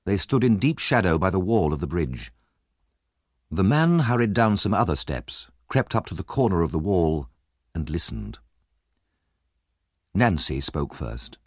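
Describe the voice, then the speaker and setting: A man narrates an audiobook in a measured, expressive way. His voice sits low, with a lively rise and fall. The recording is close and dry. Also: breathy edge, no room sound. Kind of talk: scripted narration.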